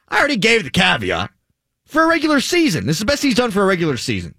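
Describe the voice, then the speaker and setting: A man hosting sports talk radio, opinionated and quick, reading listener tweets into a close studio microphone. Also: high-pitched, huge pitch swings, sharp tone, no echo.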